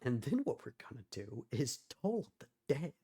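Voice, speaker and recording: Tabletop player, lively sing-song delivery, playful and casual. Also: medium pitch, slightly rough. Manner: playful, lively, quick to laugh.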